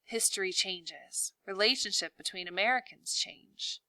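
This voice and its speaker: An earnest, kind schoolboy, voiced by a woman reading a novel aloud, speaking slowly and with feeling. The tone is bright and clear. The room sound is dry. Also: mid-range voice, no echo, poor audio.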